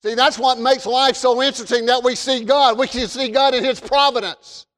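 A man preaching a sermon from the pulpit in an emphatic way, repeating phrases and rising to shouts. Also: very high voice. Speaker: pastor. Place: church sanctuary. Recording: long reverb of a large hall.

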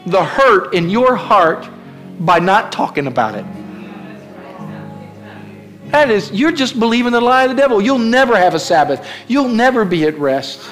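A man's voice: sits high, fairly bright tone. A male pastor preaching a fervent sermon, with repeated calls to the congregation.

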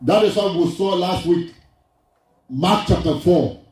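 Male preacher, high mellow voice, repetitive sing-song sermon, far from the mic. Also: measured pace. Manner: repeats phrases for emphasis, sing-song preaching cadence. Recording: distant, very echoey hall with faint music.

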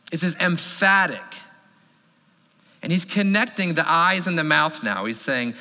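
A man preaching a sermon as pastor, emphatic and animated. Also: on the high side, measured pace. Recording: long reverb of a large hall.

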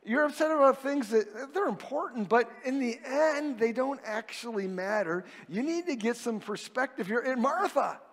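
A man's voice: very high-pitched, animated, moderate pace, hardly any pauses, big-room sound. A male pastor preaching a sermon in a conversational way, posing rhetorical questions and swinging widely in emphasis.

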